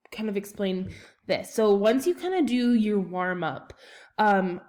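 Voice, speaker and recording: Young woman teacher, casual screen-share walkthrough, chatty, loose, mid-pitched. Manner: chatty, rambling, many ums and self-corrections. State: has the hiccups.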